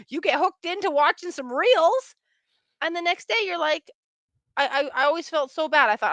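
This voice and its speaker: A relationship coach in her thirties answers interview questions in a high voice at normal speed, with no echo. She's chatty and animated, acting out the lines she quotes.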